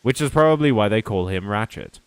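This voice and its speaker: A man's voice: on the low side, animated, a little fast, slight background noise. A man chatting casually over gameplay, rambling, correcting himself and answering his viewers as he goes. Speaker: streamer.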